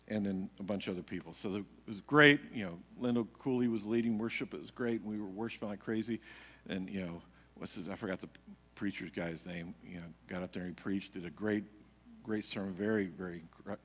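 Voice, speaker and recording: Pastor, man, chatty storytelling sermon, acts out voices; bright tone, live hall reverb. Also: fairly low pitch. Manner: animated, acts out quotes, laughs at own story. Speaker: pastor teaching a midweek Bible study. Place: church sanctuary.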